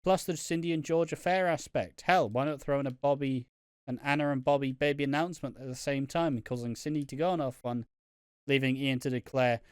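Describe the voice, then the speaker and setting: Smooth-voiced man reading comments. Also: mid-range voice, dry recording, studio quality. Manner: relaxed, swears casually, reads aloud at a quick clip. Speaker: podcast co-host. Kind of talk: casual podcast chat, reading out viewer comments.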